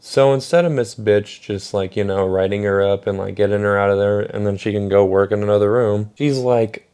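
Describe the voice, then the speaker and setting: A young man tells a story in a loose, rambling way, packed with fillers and casual swearing. His voice sits on the low side with a dark, mellow tone. It sounds like a relaxed storytime vlog. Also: normal speed, hardly any pauses, clear, resonant tone. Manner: rambling, profane, lots of fillers. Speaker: storytime vlogger.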